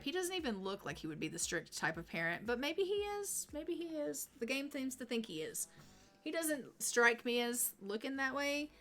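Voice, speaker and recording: Bright-voiced, sarcastic woman streamer. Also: fairly high pitch. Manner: chatty, sarcastic. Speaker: game streamer. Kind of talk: casual gameplay commentary.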